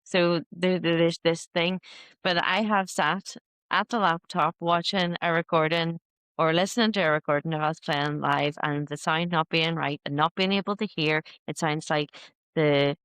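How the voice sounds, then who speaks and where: Lively woman, low dry voice. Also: moderate pace, clean tone, no echo. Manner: lively, animated storytelling with acted-out exclamations. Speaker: podcast guest, singer. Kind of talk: casual conversation.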